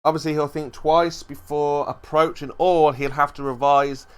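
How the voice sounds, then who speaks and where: Casting: male debate host, smooth clear voice, dismissive and mocking. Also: a little high, steady tone, moderate pace. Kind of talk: live online debate.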